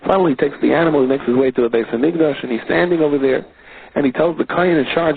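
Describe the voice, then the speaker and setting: A man, a rabbi, telling a story in an animated sermon, his pitch sweeping widely. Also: rapid-fire, vocal fry, slight background noise. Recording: tinny phone-like audio.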